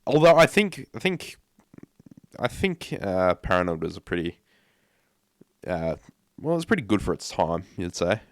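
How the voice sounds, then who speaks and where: A man hosting a casual podcast, pitched on the low side and recorded close and dry with no room sound. He rambles, trips over repeated words and fires off opinions. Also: big pitch swings, moderate pace, long pauses, dry recording. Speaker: podcast host.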